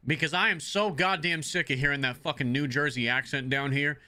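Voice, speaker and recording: A man's voice: on the high side, steady tone, fairly quick, few pauses, bright, forceful tone. A man originally from the Northeastern US chatting casually while streaming a game, blunt and profane and prone to rambling.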